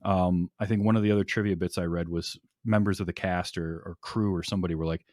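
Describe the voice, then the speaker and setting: A low-pitched man talks excitedly about a film on a casual podcast. He laughs readily and restarts his sentences often, and the sound is dry and close with no room around it. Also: fast, no room sound. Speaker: podcast guest. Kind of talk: casual movie podcast chat.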